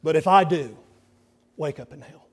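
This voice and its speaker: A middle-aged male pastor preaching a sermon, earnest and dramatic, dropping to hushed near-whispers for emphasis. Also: on the high side, slightly rough. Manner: earnest, slow and deliberate phrasing.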